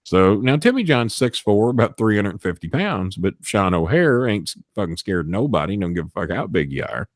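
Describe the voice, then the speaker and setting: A man's voice: on the low side, sing-song, normal speed, hardly any pauses, no room sound, clean studio sound. A man telling a profane backstage story in casual chat, acting out the people he quotes in shifting voices. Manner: acts out quotes in shifting voices, swears often. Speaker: storyteller guest.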